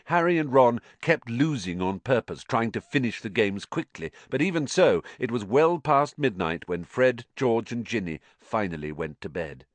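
A man narrating an audiobook in an expressive style, giving each character its own voice. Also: medium pitch, moderate pace, hardly any pauses, no room sound. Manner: expressive, varied character voicing.

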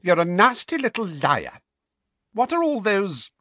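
A man's voice: fairly high pitch, huge pitch swings, moderate pace, fairly bright tone, dry recording, pitched above the performer's own voice, full character voice. A man voicing a thin, spiteful middle-aged aunt who speaks sharply and accusingly.

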